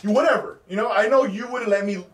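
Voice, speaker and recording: Fast-talking high-voiced man telling a story. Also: reverberant, distant mic, a little hiss or hum. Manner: animated, profane storytelling. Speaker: podcast host. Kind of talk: casual storytelling chat.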